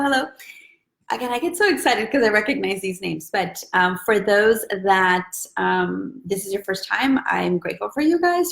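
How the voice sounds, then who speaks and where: A woman's voice: mid-range voice, creaky, a bit bright, roomy sound. A woman hosting a casual live stream, upbeat and chatty as she greets viewers by name. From Southern California.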